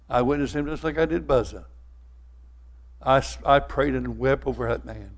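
An older man preaching a sermon as pastor, fervent, swelling louder and repeating words as he presses a point. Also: mid-range voice, normal speed, long pauses.

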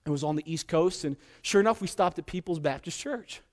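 A man's voice: a little high, a little fast. A young man preaching a sermon, telling a story with many restarts and building to emphatic points. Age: young adult.

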